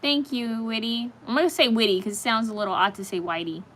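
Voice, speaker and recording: A woman's voice: on the high side, quick pace, fairly bright tone. A woman hosting a casual live stream, chatting straight to her viewers and reacting to their comments as they come in.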